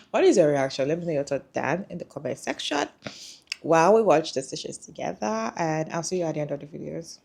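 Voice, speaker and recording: Low, mellow woman reacting incredulously. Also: big pitch swings, fairly quick, gravelly, slightly rough. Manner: incredulous, chatty. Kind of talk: reaction commentary.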